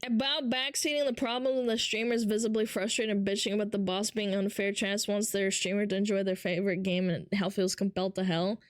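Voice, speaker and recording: A woman's voice: mid-range voice, flat delivery, brisk, hardly any pauses, no echo, clean studio sound. A woman livestreamer in casual chat, ranting with lots of swearing and mocking her viewers. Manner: ranting, profane, mocking impressions.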